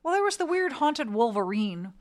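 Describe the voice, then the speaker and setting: Podcast co-host, woman, playful teasing banter, slightly high voice. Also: big pitch swings, normal speed. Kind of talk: casual chat.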